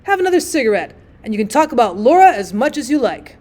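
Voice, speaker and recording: A woman voicing a jovial young male painter who talks in a booming, emphatic way. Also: big pitch swings, fast talker, a little mellow.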